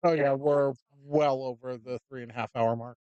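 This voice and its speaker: A man's voice: medium pitch, steady tone, normal speed, a little mellow, smooth, no room sound, muffled recording. Guy doing laid back pool commentary, dry jokes, close dry mic. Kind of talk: casual commentary.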